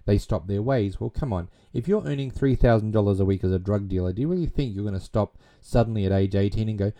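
A man's voice: fairly low pitch, lively intonation, fast, hardly any pauses, dark tone. A man casually retelling a movie plot and reviewing it, rambling with plenty of fillers and restarts.

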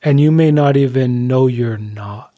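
A man co-hosting a podcast, speaking slowly and deliberately about inner safety and healing, then thanking his guest and listeners. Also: medium pitch, muffled recording. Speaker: podcast co-host. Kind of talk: reflective interview talk.

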